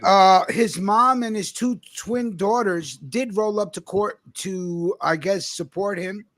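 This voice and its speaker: A laid-back, wisecracking man with a New York accent hosts a casual radio talk show. His voice runs quite high for a man. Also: takes it slowly, fairly bright tone, a little hiss or hum. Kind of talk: casual chat.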